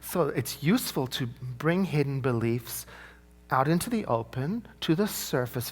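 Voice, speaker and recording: A man preaching a sermon with a lively, wide-ranging pitch that climbs high on rhetorical questions. His middle-pitched voice moves from playful asides to slow, gentle emphasis. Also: slightly rough. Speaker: minister.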